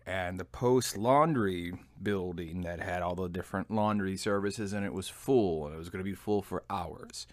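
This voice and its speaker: A man's voice: low voice, no room sound, studio quality. A man in his thirties telling personal army stories in a laid-back, self-deprecating, rambling way. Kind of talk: personal storytelling.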